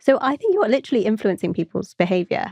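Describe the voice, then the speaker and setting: A woman hosts a casual podcast interview, chiming in with soft murmurs of agreement and putting friendly, eager questions to her guest. Her voice has a creaky, gravelly grain, and the sound is dry and close, with no room echo. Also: mid-range voice, very animated, quick pace. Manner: friendly and enthusiastic, gives soft "mm" backchannels and asks questions. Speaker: podcast host.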